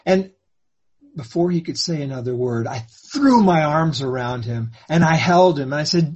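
Husky male preacher, dramatic first-person storytelling, slightly high voice, dull lo-fi recording. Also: animated, moderate pace. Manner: swings between hushed and fervent.

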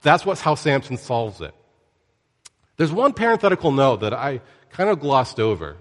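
Male Bible teacher, casual and wry, mid-pitched voice, long room reverb. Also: normal speed. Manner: conversational and joking, with lively asides.

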